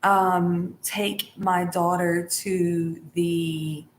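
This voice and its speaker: A woman's voice: fairly low pitch, flat delivery, extremely slow. A middle-aged woman telling a rambling story to her viewers, full of fillers and restarts. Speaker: tarot vlogger. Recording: echoey room with faint hiss.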